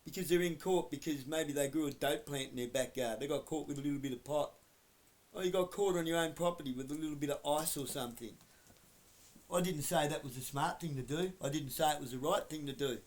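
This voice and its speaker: A man giving a blunt, heavily profane rant to camera that keeps flaring into shouting. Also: on the high side, a little fast. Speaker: vlogger.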